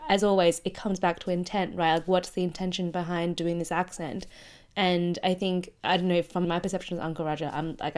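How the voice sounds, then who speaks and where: A woman with a somewhat low, smooth, clear voice reasons through her point on a podcast. She keeps a relaxed flow, padded with "you know" and "like" as she thinks. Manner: reflective, filler-heavy with many "you know" and "like". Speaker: podcast co-host. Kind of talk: casual discussion.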